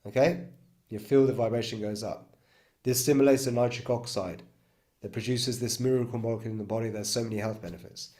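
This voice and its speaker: Calm man coaching a breathwork session. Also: mid-range voice, fairly quick. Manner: calm coaching with frequent "okay?" and "right?" check-ins; demonstrates chanted tones mid-talk. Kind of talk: guided breathwork instruction.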